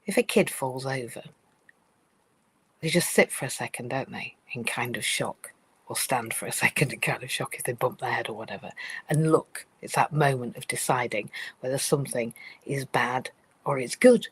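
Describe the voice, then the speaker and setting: A woman's voice: very deep voice, moderate pace, husky, no echo, low-quality recording. A woman giving a live-streamed talk about workplace change. She tells it as a story, talks to listeners directly with fillers and asides, and acts out other people's worried voices. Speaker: speaker on change in organisations.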